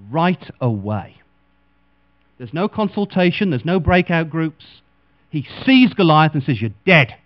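Man preacher, animated and dramatic, fairly high voice, lo-fi recording with mains hum. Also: a little slow. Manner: dramatic, voices quoted figures with big swings in pitch and loudness. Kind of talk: sermon.

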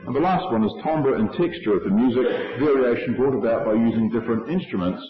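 A man delivers a measured, explanatory sermon to a congregation. His voice rings through a large reverberant hall, and the recording sounds dull and lo-fi. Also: medium pitch, a crowd in the background. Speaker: preacher.

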